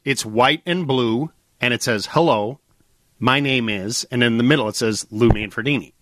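A middle-aged man hosting a casual talk show, telling a story with lively acted-out quotes. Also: medium pitch, normal speed, no room sound, clean studio sound. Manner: animated storyteller, acts out quotes.

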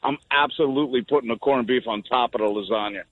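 Male phone-in caller, mid-pitched, easygoing banter. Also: fast. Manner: laid-back, laughing, good-humored banter. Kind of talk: phone-in chat. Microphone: phone line. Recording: tinny phone line with faint hiss.

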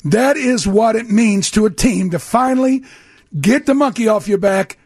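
An older man with a husky, high-pitched voice, a former pro football player now co-hosting on radio, tells a story in casual sports-radio fashion. He's animated, acting out quoted voices and restarting often, at a normal speed. The recording, made on a studio microphone, is dry.

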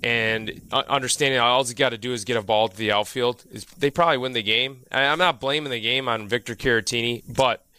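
A man's voice: medium pitch, a little fast, hardly any pauses, clear, resonant tone, dry recording. A man, a former player, giving emphatic baseball analysis on sports talk radio. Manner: animated, emphatic, with restarts.

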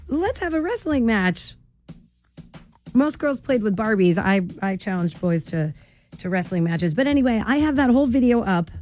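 A woman's voice: medium pitch, a little mellow, no echo. Bubbly young woman radio host. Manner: bubbly, laughing, teasing. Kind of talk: morning radio chat. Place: radio studio.

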